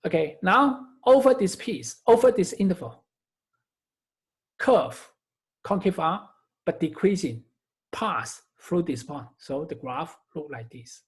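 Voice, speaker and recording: Very animated and taking things slowly, a math instructor with a fairly high voice teaches a recorded lecture. He goes step by step and frequently rephrases or corrects himself.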